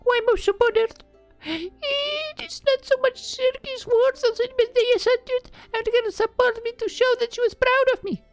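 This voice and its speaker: A woman's voice: very high-pitched, normal speed, soft background music, voice pushed up. A woman voicing an anxious young princess who is turning into a fairy, speaking in an earnest, fretful, questioning way. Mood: yearning.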